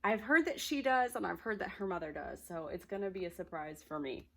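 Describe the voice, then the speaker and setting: Slightly out of breath lady crafter vlogging, chatty and excited, giggly. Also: medium pitch, a little fast, gravelly. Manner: excited, chatty, laughs often. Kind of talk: casual chat to camera.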